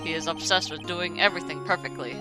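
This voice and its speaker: A woman reading game lines as a cold, proud young male prosecutor, speaking in a lowered, measured and formal way. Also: close to an everyday voice, poor audio. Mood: cool, formal. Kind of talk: reading game dialogue aloud on stream. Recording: music playing behind.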